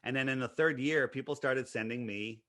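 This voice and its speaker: Man, interview guest: insistent, piles up rhetorical questions; bright, forceful tone, dry close sound. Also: mid-range voice, normal speed, dry recording. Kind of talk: conversational explanation.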